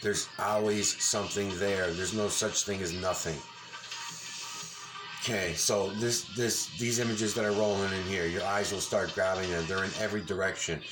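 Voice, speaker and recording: A man's voice: deep voice, fairly even intonation, moderate pace, over music. A man giving a casual, ranting commentary over a video, insistent and full of swearing. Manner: angry, profane, ranting; insistent, repeats himself.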